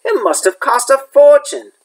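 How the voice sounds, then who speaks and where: A man's voice: very high voice, lively intonation, moderate pace, gravelly, voice pushed up, exaggerated voice. A man reading aloud as an eager, curious young schoolboy. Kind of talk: reading a chapter book aloud.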